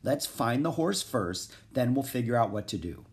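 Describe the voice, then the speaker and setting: A man's voice: medium pitch, sing-song, moderate pace. A man reading a children's storybook aloud, voicing an eager, upbeat young girl in a raised voice. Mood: cheerful. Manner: upbeat, coaxing, confident.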